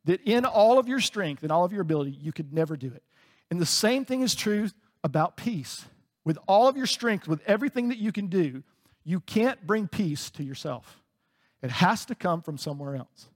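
A man preaching a sermon as a pastor, conversational and animated, often laughing between points. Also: high-pitched, moderate pace, in a large hall. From United States.

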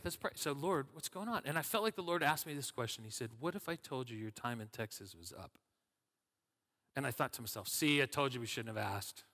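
A man preaching a sermon, telling stories in a lively way and acting out what people said. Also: fairly high pitch. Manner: animated storytelling with acted-out quotes. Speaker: pastor. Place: church sanctuary. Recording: long reverb of a church hall.

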